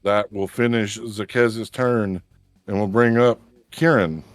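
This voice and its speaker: A man narrating as game master of a tabletop game, with measured, descriptive narration and casual asides. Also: fairly low pitch, fairly even intonation, no room sound, faint music behind.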